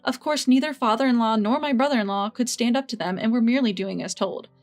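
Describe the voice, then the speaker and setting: A woman narrating a first-person family story in an even, measured way. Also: on the high side, faint music behind.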